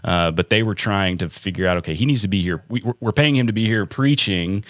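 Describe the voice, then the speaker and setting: A man with a very low voice joins a casual Bible discussion. He talks in a thoughtful, halting way and often restarts his phrases. The recording is close and dry. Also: fairly bright tone, no echo. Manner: thoughtful, hesitant, repeats words.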